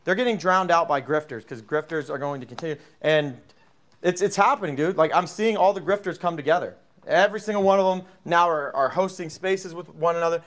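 A man co-hosts a live audio chat, rambling with frequent restarts and profane outbursts. His voice sits a little higher than most men's. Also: a little fast, a bit bright. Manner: rambling, restarts a lot, heated about scammers. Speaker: co-host of a live audio room.

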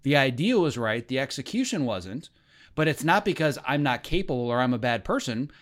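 A man's voice: mid-range voice, sing-song, fairly quick. A man speaking as a podcast guest, talking in an earnest, emphatic way like a motivational coach. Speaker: guest, film editor and coach. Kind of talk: podcast conversation.

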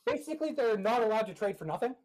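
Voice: medium pitch, expressive, racing, a little mellow, poor audio. A co-host of a casual hockey podcast, blunt and sardonic, with the odd swear.

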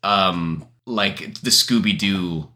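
A young man co-hosting a casual podcast, joking and laughing, then reading a scary story aloud slowly. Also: sits low, bright, forceful tone. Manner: joking, laughs often, slow deliberate reading. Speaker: podcast co-host.

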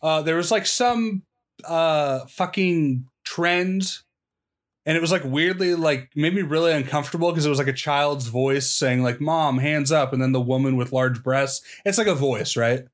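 A young man with a fairly high voice co-hosts a casual podcast. He rambles from one story to the next, laughs a lot, and swears freely. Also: moderate pace. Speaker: podcast co-host. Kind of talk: casual chat.

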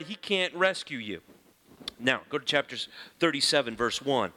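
A man teaching through a Bible passage in a lively, conversational way, reading scripture aloud and explaining it. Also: mid-range voice, normal speed.

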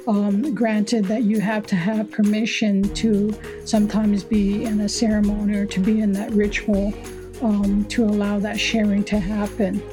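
Brief: older woman guest, calm and reflective, flat even delivery, music bed underneath. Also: medium pitch. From Navajo Nation, US. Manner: calm, unhurried, with many fillers. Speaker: guest, wisdom keeper. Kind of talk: reflective interview answer.

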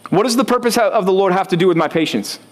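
A male pastor delivers a sermon in a fairly high voice. He talks casually and keeps asking the congregation questions. He often builds to a fervent, rising pitch. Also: fast.

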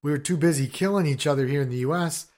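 A man's voice: a little high, quick pace, a little mellow. Profane riffing male podcast co-host. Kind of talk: casual chat.

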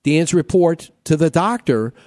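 Chatty radio host with a mellow voice. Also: male voice, on the high side, lively intonation, measured pace, no room sound, clean studio sound. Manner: chatty, repeats himself, joking. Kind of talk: casual radio talk.

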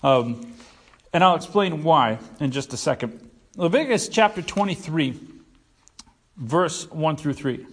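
Folksy joking male pastor, fairly high voice. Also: lively intonation, breathy edge. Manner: folksy, joking, halting with many fillers. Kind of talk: conversational sermon.

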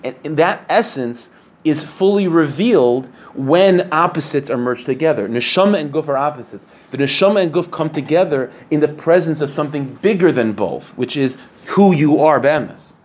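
A man's voice: a little high, animated, moderate pace. Earnest man giving a Torah class. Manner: earnest, explanatory, rhetorical questions, many fillers. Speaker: rabbi teaching a class. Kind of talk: Torah lecture.

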